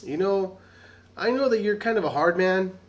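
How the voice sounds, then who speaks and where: Man putting on a timid male servant, high pleading voice, louder than usual, nervous rambling. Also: normal speed, lightly acted. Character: timid fearful male servant making excuses.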